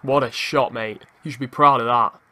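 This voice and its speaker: A young man hosting his gaming channel, giving live play-by-play commentary that turns excitable, with shouting at the game and swearing. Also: mid-range voice, moderate pace.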